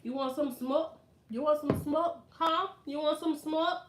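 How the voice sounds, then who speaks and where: Woman putting on a pushy male street vendor, put-on Jamaican accent, higher and louder pitch, roomy echo. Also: fairly even intonation, measured pace. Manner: insistent, repeating himself.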